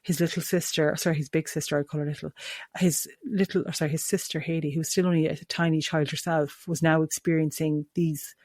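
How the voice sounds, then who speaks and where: A woman's voice: low-pitched, steady tone, brisk, darkish tone, dry recording, studio quality. An Irish woman, middle-aged, earnestly recounting a painful personal memory with many restarts and self-corrections. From Ireland. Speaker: autism support advocate. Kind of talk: personal storytelling to camera.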